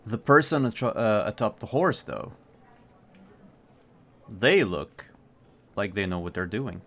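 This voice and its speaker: Male game master, low voice, unhurried, halting narration with fillers. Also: animated, fairly bright tone. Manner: halting, with many fillers and restarts.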